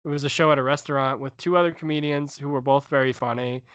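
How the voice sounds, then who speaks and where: A man's voice: mid-range voice, fairly even intonation, fast, fairly bright tone, clear, resonant tone, no room sound. A male stand-up comedian telling a story in a casual podcast chat, rambling with many fillers and restarts.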